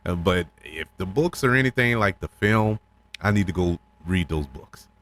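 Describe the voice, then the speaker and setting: A middle-aged man with a somewhat low voice talks through a film review on his podcast. He is eager and heartfelt, says things twice for emphasis, and laughs between thoughts. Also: moderate pace. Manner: enthusiastic, repeats himself, animated with laughs. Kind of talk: casual spoken film review.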